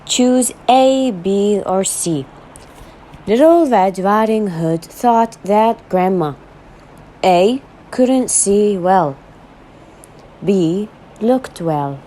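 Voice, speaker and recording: A woman with Arabic as her first language, teaching English by reading a story aloud and saying each vocabulary word twice, clearly and carefully. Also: medium pitch, expressive, very slow, pauses often, mellow, low-quality recording. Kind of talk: slow read-aloud English lesson.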